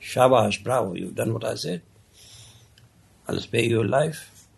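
A man's voice: mid-range voice, expressive, slow, gravelly, breathy edge, full character voice. A man voicing a stern, imperious king who feigns anger, speaking in a commanding, threatening way.

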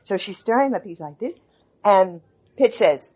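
Husky older woman telling a story. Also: medium pitch, normal speed, dull audio. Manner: animated, quotes people, restarts often. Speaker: interviewee. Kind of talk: storytelling reminiscence.

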